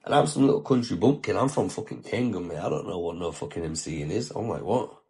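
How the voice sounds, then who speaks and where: Male podcast host, lowish gravelly voice, slangy and sweary, heartfelt casual storytelling. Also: quick pace, darkish tone.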